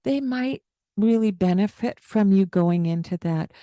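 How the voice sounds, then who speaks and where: A woman co-hosting a parenting podcast, explaining things calmly in casual chat. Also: measured pace, no echo. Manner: explains calmly, demonstrates baby talk with high sing-song bits.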